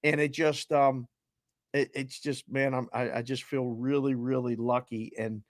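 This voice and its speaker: A man's voice: mid-range voice, level tone, a little slow, dry recording, studio quality. A man co-hosting a casual podcast, talking reflectively and emotionally, often trailing off. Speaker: co-host.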